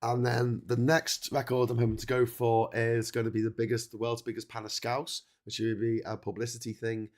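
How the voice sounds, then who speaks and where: A middle-aged man chats loosely to his livestream viewers, with a cold in his voice. He rambles, stops and restarts his sentences, and fills the gaps with ums and uhs. His voice sits in an ordinary middle pitch. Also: completely flat delivery, moderate pace, few pauses, darkish tone. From England. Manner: rambling, many fillers and restarts. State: has a cold. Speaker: livestream host. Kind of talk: casual livestream chat.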